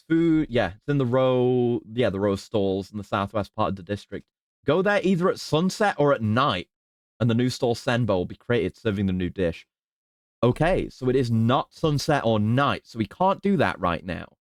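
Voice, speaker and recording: A man streaming a video game, thinking aloud in casual, halting commentary. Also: mid-range voice, very animated, no room sound, clean studio sound.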